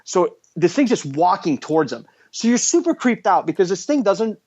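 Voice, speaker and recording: Lively man retelling a movie, dull sound. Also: high voice, moderate pace, breathy edge. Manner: animated storyteller acting out quoted lines. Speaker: podcast host. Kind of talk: casual chat, retelling a movie plot. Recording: dull lo-fi podcast audio.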